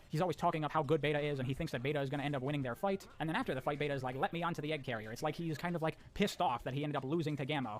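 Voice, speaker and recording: Fast-talking sarcastic male recapper. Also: fairly high pitch. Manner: sarcastic, blunt critique with casual swearing. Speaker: video essayist narrating a story recap. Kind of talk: fast scripted story recap with commentary.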